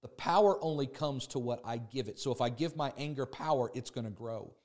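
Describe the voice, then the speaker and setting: A man's voice: mid-range voice, brisk, a little mellow. A man preaching a sermon with emphatic, repetitive phrasing, acting out the complaints of his listeners. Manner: emphatic, repetitive preaching with voiced congregant laments. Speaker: pastor.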